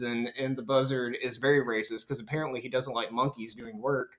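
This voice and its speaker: A man's voice: medium pitch, steady tone, fairly bright tone. A young man casually recapping a film on a podcast, rambling and joking as he quotes the characters. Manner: rambling, jokey storytelling with quick character quotes. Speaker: podcast co-host.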